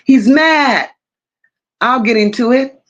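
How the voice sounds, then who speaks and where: In a lo-fi recording, a woman with a slightly high voice speaks slowly as she hosts a casual livestream. She welcomes viewers and reads their comments in a blunt, affectionate way, calling them "my love" and "boo."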